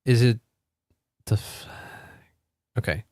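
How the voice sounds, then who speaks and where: A man's voice: medium pitch, slow pace, a little mellow, dry recording, studio quality. A young man streaming a game from home, chatting casually, swearing freely and laughing often. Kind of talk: casual gaming livestream chat.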